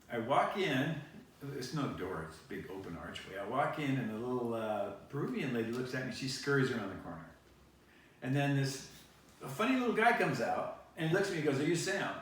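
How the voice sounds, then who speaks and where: Speaking at a medium pitch with a fairly bright tone, a man hosting a studio show rambles through lengthy stories to camera and fixes his own mistakes along the way. The sound is echoey and distant, with slight background noise.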